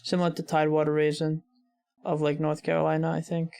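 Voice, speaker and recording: American man, casual reaction host, gravelly vocal fry yet clean resonant tone, muses aloud. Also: a little high, completely flat delivery, quick pace, a little mellow. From United States. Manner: thinks aloud, tries out words hesitantly.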